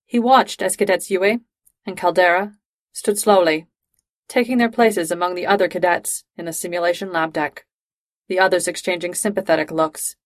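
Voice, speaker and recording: A woman reading fan fiction aloud in steady, even narration. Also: on the low side, moderate pace, dry recording, clean studio sound. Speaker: reader.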